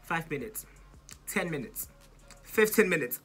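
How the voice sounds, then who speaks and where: A South African woman in her twenties tells a dramatic storytime for her vlog, sprinkling isiZulu words into her English. Her voice is very bright and sharp, and her pitch leaps up and down as she tells the story. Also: lively intonation, normal speed, faint music behind. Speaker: YouTuber.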